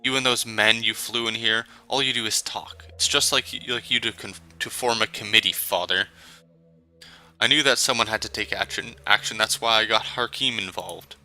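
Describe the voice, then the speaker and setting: A man's voice: on the low side, fairly even intonation, moderate pace, pushed and bright, faint music behind. A man voicing a defiant young heiress in a video game, with urgent, clipped accusing lines.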